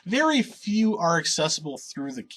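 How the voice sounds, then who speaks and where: Wry, husky-voiced male game reviewer. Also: on the high side, very animated, normal speed, fairly bright tone. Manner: opinionated, wry and sardonic. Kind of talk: scripted review narration.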